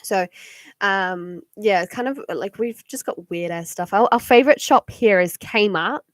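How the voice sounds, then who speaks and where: A young woman with a New Zealand accent chats to her live-stream viewers. She rambles and fills every pause with "like" and "um", and she giggles often. Her voice sits at an ordinary pitch, recorded close in a dry room. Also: dry recording. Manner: rambling, many "like" and "um" fillers, giggly. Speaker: livestream card reader. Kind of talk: casual live-stream chat. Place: home at night.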